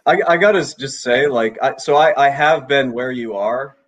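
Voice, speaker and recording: A man's voice: medium pitch, normal speed. A man co-hosting a casual late-night chat over a video call, reading donation messages and giving blunt, laid-back advice.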